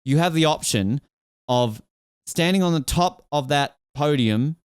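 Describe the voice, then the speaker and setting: A man hosting a podcast, loose and chatty, who strings his questions together with jokes and fillers. His voice sits at a middling pitch with a smooth, clear tone, recorded dry and close. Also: expressive, unhurried, dry recording. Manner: chatty and joking, rambling questions with many fillers. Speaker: podcast host. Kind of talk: casual interview chat.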